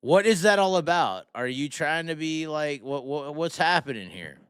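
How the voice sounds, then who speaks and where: A man's voice: fairly high pitch, lively intonation, moderate pace, fairly bright tone, clear, resonant tone, no room sound, studio quality. A man hosting a casual live stream, rambling and incredulous, talking to viewers with many restarts. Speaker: livestream host.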